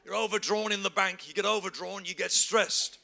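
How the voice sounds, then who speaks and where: A middle-aged man, preaching a humorous sermon that acts out everyday scenes and bursts into shouts for emphasis. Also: high-pitched, steady tone, brisk, vocal fry. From England. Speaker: pastor.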